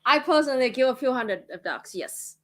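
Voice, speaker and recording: A woman with a Vietnamese accent hosting a casual livestream chat, candid and quick to laugh. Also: high-pitched, lively intonation. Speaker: livestream host.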